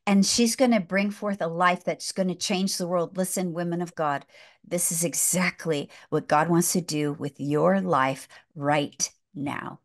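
A woman's voice: on the low side, fairly even intonation, a little slow. Impassioned woman author on faith. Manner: impassioned, preacher-like delivery; emotional, near tears at moments. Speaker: author and guest. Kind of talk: faith-based podcast interview.

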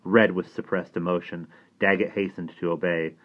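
A man reading a novel aloud in steady audiobook narration. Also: deep voice, moderate pace. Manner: steady storytelling. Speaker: audiobook reader. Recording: tinny phone-like sound.

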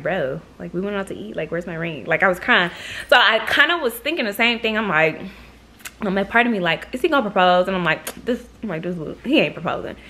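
A woman's voice: on the low side, sharp tone. A young woman from Michigan telling a casual storytime vlog, chatty, swearing freely and acting out what people said. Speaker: vlogger.

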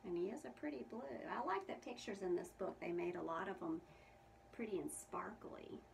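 A woman preschool teacher with a lowish voice and some vocal fry reads a picture book aloud to young children, talking a little fast. She asks them questions about the pictures, recorded on a distant mic with faint room noise.

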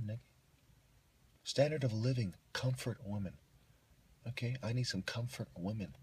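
A man delivering a rambling, combative monologue, swinging between loud outbursts and low muttering, preachy and full of profanity. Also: moderate pace, long pauses, a little hiss or hum. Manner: heavy profanity, slangy. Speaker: vlogger.

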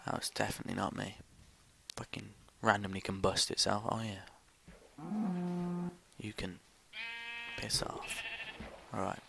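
A man's voice: on the low side, level tone, unhurried, gravelly, pauses often, over music. A young man swearing his way through casual gameplay commentary, jumpy and given to sudden screams.

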